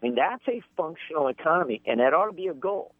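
A man's voice: fairly high pitch, animated, quick pace. A man appearing as a political commentator on talk radio, making emphatic points with rising stress. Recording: phone line.

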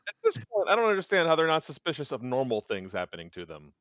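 A man co-hosting a casual anime recap, rambling and correcting himself as he trails off quietly. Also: fairly high pitch, huge pitch swings, quick pace, dry recording, clean studio sound. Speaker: podcast co-host.

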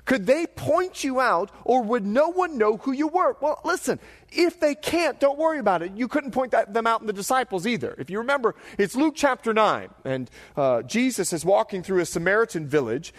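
A middle-aged man preaching a sermon, animated and jokey, slipping into voices as he tells stories. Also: very high-pitched, normal speed, in a large hall. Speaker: pastor.

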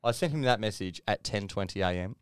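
In a brisk, animated, lowish and smooth voice, a middle-aged Australian man laughs and swears through stories on a podcast he co-hosts, acting out the people he quotes. The sound is clean studio audio without room tone.

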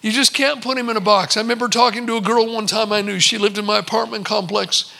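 A man in his sixties preaching a sermon, telling stories and slowing for emphatic pauses. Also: high voice, fairly even intonation, vocal fry, sharp tone. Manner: storytelling, with slow emphatic pauses. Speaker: pastor.

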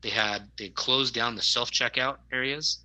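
Bright-voiced man in casual chat. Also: mid-range voice, steady tone, normal speed, low-quality recording. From Arizona, USA. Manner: rambling, restarts, storytelling.

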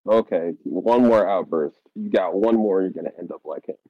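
Deep-voiced player on a tinny line. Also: male voice, moderate pace, no room sound. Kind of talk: playing a character in a tabletop game.

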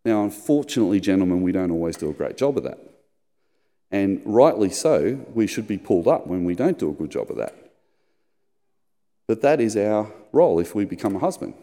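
Male pastor, middle-aged, low mellow voice, storyteller, church hall reverb. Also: sing-song, brisk. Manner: storytelling, acts out squeaky high voices in anecdotes. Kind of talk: sermon.

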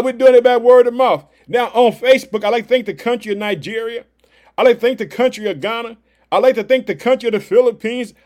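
A man from hosting a devotional podcast, exuberant and preacherly, calling out hallelujah between repeated phrases. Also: extremely high pitch. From Chicago, United States. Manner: exuberant, repetitive, shouts hallelujah often; preacherly call-and-response, folksy. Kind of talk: energetic devotional podcast talk.

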